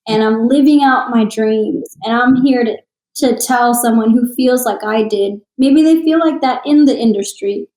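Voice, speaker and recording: A woman's voice: fairly high pitch, a little mellow, reverberant, low-quality recording. A young woman from Texas, a singer and author, telling her story in a candid podcast interview with emotional earnestness.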